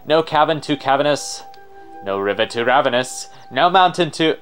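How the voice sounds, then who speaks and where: A man's voice: medium pitch, expressive, normal speed, fairly bright tone, faint music behind, pitched above the performer's own voice, close to an everyday voice. A man voicing a pompous, long-winded male explorer with a posh British accent and a theatrical manner. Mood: grandiose. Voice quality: theatrical, grandiose. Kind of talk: let's play voice-over.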